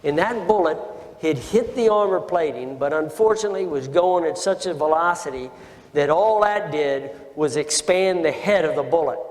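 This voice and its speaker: An older man, a former Marine officer, telling a combat story slowly and emphatically, with many repetitions. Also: on the high side, darkish tone, in a large hall. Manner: slow, deliberate, emphatic retelling with repetitions. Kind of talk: oral history storytelling.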